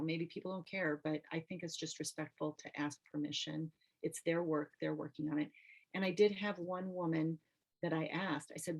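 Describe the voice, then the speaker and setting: Low-voiced woman teaching a workshop. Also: vocal fry, slightly rough, low-quality recording. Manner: relaxed, conversational, with frequent ums and restarts. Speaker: teaching artist and nurse. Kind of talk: online training workshop. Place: home or studio, video call. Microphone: computer mic on video call.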